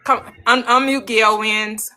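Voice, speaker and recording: A woman hosting a live-stream panel, talking bluntly and briskly in a streetwise way. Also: on the high side, fairly even intonation, sharp tone. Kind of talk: casual live-stream talk.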